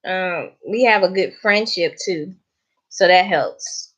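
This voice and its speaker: Talking straight to camera, this woman from the American South keeps things casual, laughing a lot and addressing her viewers as honey. She has a fairly low, fairly bright voice and a slow delivery.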